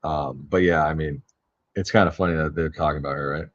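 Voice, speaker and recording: A man hosts a podcast and chats casually, dropping offhand asides. His voice is low and deep. The audio is dull and lo-fi. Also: steady tone, brisk. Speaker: podcast host. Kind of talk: casual commentary.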